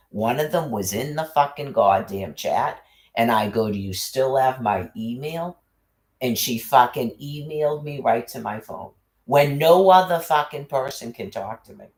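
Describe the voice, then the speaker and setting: A man ranting into his livestream in an agitated monologue, cursing heavily and repeating himself as he piles up accusations. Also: medium pitch.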